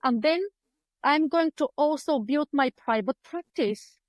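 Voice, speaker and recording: A woman with an Eastern European accent talks on a video call from a book-filled room at home. Her voice sits high, and the sound is close and dry. She tells her story chattily, filling gaps with ums and playing out her own past thoughts. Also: measured pace, no echo, lo-fi sound. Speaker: guest, clinical psychologist. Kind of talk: conversational interview storytelling. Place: home room lined with books.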